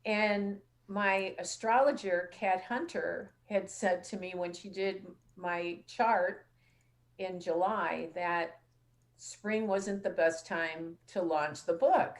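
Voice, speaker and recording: A woman's voice: lowish voice, takes it slowly. A woman hosting a casual call-in show, telling stories in a chatty way and acting out what others said. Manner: chatty storytelling, acts out quoted dialogue. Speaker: show host.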